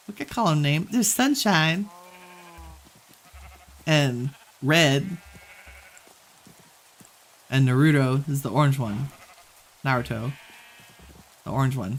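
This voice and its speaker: A man chatting in a relaxed, rambling way while streaming a game, laughing easily. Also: medium pitch, a little hiss or hum, poor audio. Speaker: gaming streamer. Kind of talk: relaxed gameplay chat.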